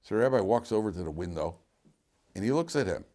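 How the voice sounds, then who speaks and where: A man giving a lively Torah lecture as a rabbi, acting out the people in his stories with big swings in voice and many "you know" fillers. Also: fast. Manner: animated storyteller acting out characters with sharp jumps in pitch and loudness. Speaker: rabbi teaching a weekly Torah class.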